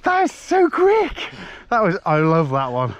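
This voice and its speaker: A man's voice: high-pitched, wildly swooping pitch, a little slow. A man filming his mountain bike ride on a helmet camera, exclaiming and laughing as he goes. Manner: exclaiming and laughing, breathless bursts. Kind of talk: excited ride commentary. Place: outdoors on a wooded hill trail. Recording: muffled helmet-cam audio with wind and trail noise.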